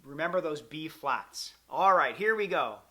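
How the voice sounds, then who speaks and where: A man's voice: a little high, animated, normal speed, pushed and bright. A man teaching a clarinet lesson, counting beats aloud in a patient, encouraging way. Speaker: music teacher.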